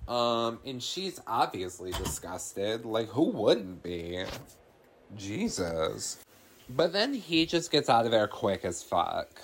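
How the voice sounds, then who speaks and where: A man's voice: lowish voice, very animated, takes it slowly, a little hiss or hum. A man hosting a podcast, recapping a film in a loose, profane, casual way with many ums and likes.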